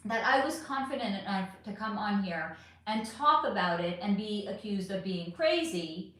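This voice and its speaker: Her voice is medium-pitched and fairly bright as she hosts a casual livestream from home. While applying makeup, she reads out chat questions and answers them frankly, swearing freely and trailing off with fillers, all in a very echoey room.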